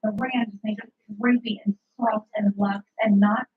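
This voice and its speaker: A woman presenting clothing on a shopping channel, gushing over the fabric in a sales pitch. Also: steady tone, normal speed, husky. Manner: gushing, descriptive. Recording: dull sound played from a TV.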